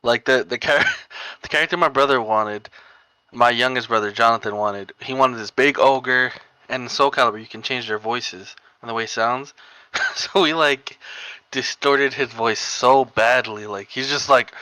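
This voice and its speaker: A man's voice: mid-range voice, normal speed, bright, forceful tone, no room sound. A young man co-hosting a casual podcast, telling rambling stories full of "like" and laughing often. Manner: rambling storyteller, heavy filler "like", laughs often. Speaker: podcast co-host. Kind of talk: casual chat.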